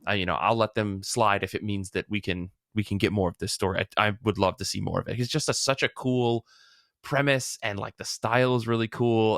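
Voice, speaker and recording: A man's voice: lowish voice, a bit bright, dry recording, studio quality. A man hosting a casual podcast, friendly and agreeable, laughing often. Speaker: podcast host.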